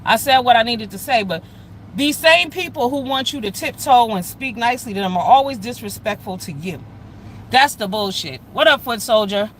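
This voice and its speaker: A woman talking bluntly and loudly with lots of swearing in a casual livestream rant, speaking straight to her chat. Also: a little high, lively intonation, moderate pace, a little hiss or hum, low-quality recording. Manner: blunt, loud and profane; addresses chat viewers directly. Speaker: live streamer.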